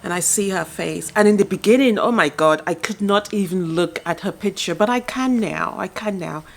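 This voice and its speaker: Soft-spoken woman, halting and emotional. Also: medium pitch, vocal fry. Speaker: quilting vlogger. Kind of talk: personal vlog talk to camera.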